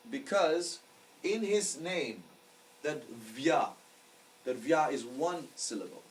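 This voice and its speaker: A man's voice: fairly high pitch, lively intonation, slow pace. A man teaching a lecture class, explaining patiently and often checking that the students follow. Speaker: astrology teacher. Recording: distant mic with faint background noise.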